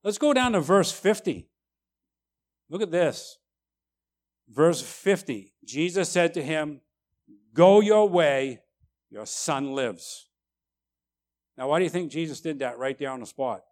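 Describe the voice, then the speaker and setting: A man preaching a sermon, emphatic, tagging lines with "right?" and swinging between loud and quiet. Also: fairly high pitch, animated, normal speed. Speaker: pastor.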